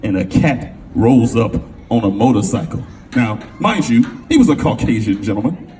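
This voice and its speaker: A middle-aged man from California, a motivational speaker telling a personal story to a live audience in an animated, slangy way, acting out the voices of the people in it. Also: mid-range voice, normal speed, faint music behind. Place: event venue before an audience. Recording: distant mic with faint room noise.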